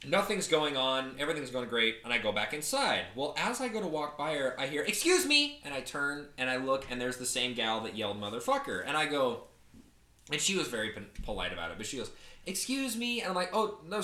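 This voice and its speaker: A man's voice: mid-range voice, expressive, fast, bright, forceful tone, reverberant. A man in his twenties telling a story in a casual podcast chat, joking, swearing and acting out quotes.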